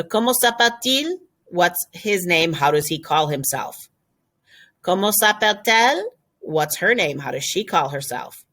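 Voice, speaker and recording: Lady french teacher, bouncy lively pitch, bright voice, pops up high on the example phrases. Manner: animated, jumps high to model French phrases. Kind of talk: recorded classroom lesson.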